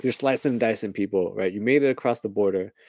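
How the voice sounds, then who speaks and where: A man talks through a late-night casual rant, rambling from one idea to the next and laughing at his own jokes. His voice sits low and gravelly, with a mellow, dark tone. The sound is dry and close, with no room around it. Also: fast talker, no room sound. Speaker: host.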